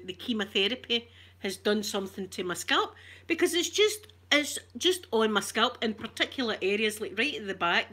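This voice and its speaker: A woman's voice: medium pitch, bright, forceful tone. A Scottish woman chatting on an ASMR live stream, ranting with animation and swearing freely. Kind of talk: casual live-stream chat.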